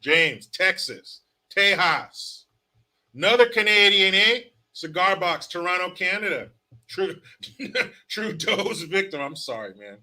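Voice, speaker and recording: A man's voice: sits high, sing-song, a little slow, sharp tone. A man hosting a casual live stream, reading viewer comments aloud with joking, sarcastic asides. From California. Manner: joking, sarcastic, reads chat names aloud.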